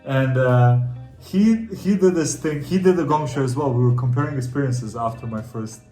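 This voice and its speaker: A man from the Balkans with a slight Russian accent, a stand-up comedian chatting as a podcast guest in a quick, animated way. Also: medium pitch. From Balkans, Eastern Europe. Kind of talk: casual podcast chat. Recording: roomy room with faint music.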